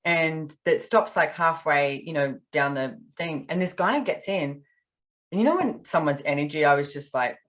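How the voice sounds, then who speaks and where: An Australian woman in casual podcast conversation, telling animated stories and acting out what people said. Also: low-pitched, normal speed. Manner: animated storyteller, acts out quotes. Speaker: podcast guest.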